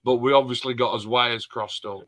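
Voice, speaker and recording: A man's voice: medium pitch, steady tone, normal speed, crowd noise. A man co-hosting a live stream, chatting casually, joking and swearing with his friend. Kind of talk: casual chat.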